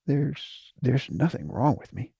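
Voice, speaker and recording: Jiajuja: timid female messenger from a male narrator, soft, halting, gravelly, audiobook. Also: a little high, animated, no echo, clean studio sound, full character voice. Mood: hesitant. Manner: hesitant, stammering softly.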